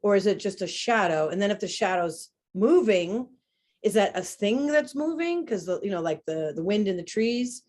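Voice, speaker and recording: Animated woman explaining horse behavior. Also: medium pitch, normal speed. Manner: animated, demonstrates sounds. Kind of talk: explanatory webinar conversation.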